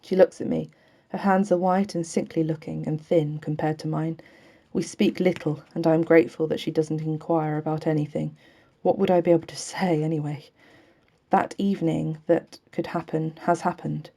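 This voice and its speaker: A woman reading a novel aloud in an earnest, even first-person voice. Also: sits low, normal speed, gravelly. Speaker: audiobook reader.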